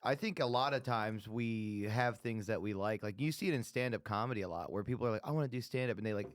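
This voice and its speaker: A man's voice: fairly low pitch, fast, no room sound, studio quality. A man co-hosting a podcast in casual chat, laid-back and agreeable as he reacts and weighs in. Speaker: podcast co-host.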